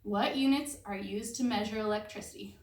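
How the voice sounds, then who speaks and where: A woman's voice: medium pitch, fairly quick, darkish tone. A woman leading children in call-and-response memory drills, chanting and singing facts in a playful, coaxing way. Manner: playful, coaxing children to repeat in silly voices. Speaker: homeschool memory-work tutor. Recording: echoey room, voice from far off the mic.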